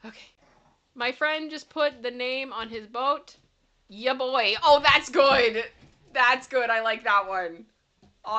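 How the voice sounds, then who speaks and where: A woman's voice: a little high, sharp tone. A woman with a Canadian accent hosting a livestream, casually chatting, giggling and reading viewer comments aloud. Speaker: livestream host. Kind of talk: casual live-chat reading.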